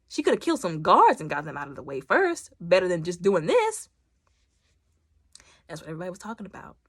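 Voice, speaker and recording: A woman recaps an episode in relaxed, animated chatter, slipping into the characters now and then. Her voice sits on the low side. The sound is dry and close, with no room around it. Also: husky, dry recording. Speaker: YouTube TV reviewer. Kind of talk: casual episode recap and commentary.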